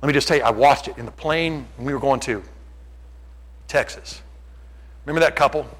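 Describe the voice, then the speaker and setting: A man preaching a sermon, joking with the congregation and acting out what people say, rising to near-shouts. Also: mid-range voice, fairly quick, poor audio. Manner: animated, jokey, acts out quotes, shouts at peaks. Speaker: pastor.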